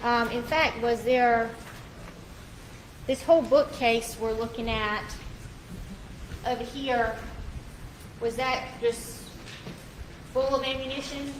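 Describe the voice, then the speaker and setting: A woman prosecutor questions a witness in court, slowly and haltingly, with frequent ums. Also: fairly high pitch, fairly even intonation. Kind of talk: courtroom direct examination. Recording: echoey courtroom with noise.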